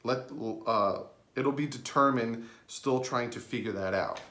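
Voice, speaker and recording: A man's voice: measured pace, sharp tone, a little hiss or hum. Male sports vlogger, mid-range voice, wry joking delivery, reverberant room. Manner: joking, sarcastic asides with sudden pitch jumps. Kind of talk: casual fan commentary. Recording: roomy echo.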